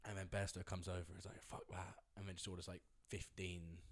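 Low-voiced man, casual rambling raconteur. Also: level tone, quick pace. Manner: rambling, laughing, lots of fillers. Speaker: storyteller guest. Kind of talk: casual anecdote.

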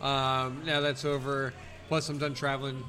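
A man in a casual podcast chat, talking in a relaxed way with many ums. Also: mid-range voice, normal speed, faint music behind. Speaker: podcast co-host.

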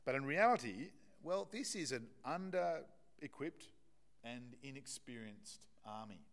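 A man's voice: medium pitch, animated, a little slow. A man preaching a sermon to his congregation, talking in a conversational, emphatic way with frequent restarts and fillers.

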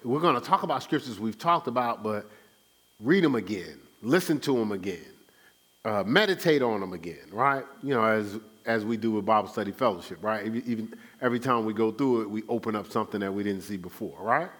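A man's voice: on the low side, animated, brisk, a bit bright, husky. A man preaching a sermon at his church, teaching in a loose conversational way and often asking the congregation to fill in the words. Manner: conversational preaching with call-and-response questions. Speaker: pastor.

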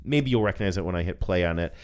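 A man co-hosting a podcast in an easygoing chat, his voice sitting on the lower side. He thinks aloud, with fillers and restarts as he goes. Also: lively intonation, rapid-fire. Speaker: podcast co-host. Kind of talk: casual chat.

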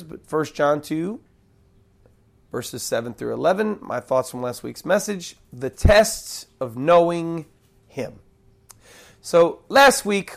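A male pastor delivers a sermon in a slightly higher-than-average voice roughened by gravelly fry. He prays in an earnest, hushed way, then teaches in a folksy tone. He drags out key phrases for emphasis. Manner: folksy, with small jokes and restarts. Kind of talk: sermon with opening prayer.

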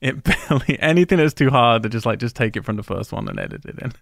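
Casting: Mann als Podcast-Co-Host, trockener Humor, flucht gern, sehr trockener Raumklang. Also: male voice, medium pitch, animated, fast, creaky, no room sound, studio quality. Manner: wry, sweary, scrubbing through footage while talking. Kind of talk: casual movie commentary chat.

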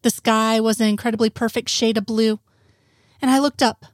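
A woman narrating a fan fiction story in a steady, soft-spoken reading. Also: fairly high pitch, normal speed, no room sound, studio quality. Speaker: audiobook narrator.

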